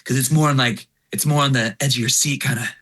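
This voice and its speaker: Picture a man in his forties chatting as an interview guest. His voice is bright and forceful at a middle pitch, and he tells stories with energy, slipping into the voices of the people in them. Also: quick pace. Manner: animated storyteller who acts out quoted lines. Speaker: interview guest, worship singer. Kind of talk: casual interview chat.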